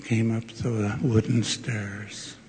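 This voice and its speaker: An older man, a university professor, giving a devotional address and telling a personal story in a slow, earnest way with heartfelt exclamations. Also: lowish voice, little pitch movement, a little mellow, a little hiss or hum. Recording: long reverb of a large hall.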